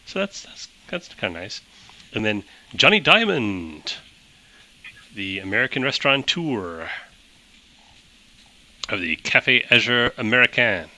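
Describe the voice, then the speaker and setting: A man's voice: medium pitch, big pitch swings, unhurried, pauses often, sharp tone, rough recording. A man narrating as game master of a tabletop game, chatty, laughing often and using many fillers.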